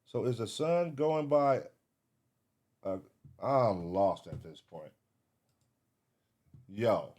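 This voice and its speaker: A man giving live reaction commentary, excitable, swearing and thinking aloud as he searches. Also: lowish voice, extremely slow, pauses often. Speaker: reaction streamer.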